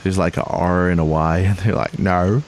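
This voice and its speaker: A man's voice: sits low, flat delivery, a little fast, darkish tone. A young man co-hosting a podcast in casual chat, rambling with restarts and frequent laughter. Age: young adult. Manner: rambling, self-correcting, laughs often. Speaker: podcast co-host. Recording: faint hiss.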